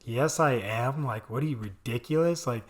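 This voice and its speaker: A smug male cosmic villain, as a man puts him on while retelling a show. He brushes off his enemy in a casual, taunting drawl, his voice dipped slightly lower. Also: moderate pace, close to an everyday voice. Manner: dismissive, taunting.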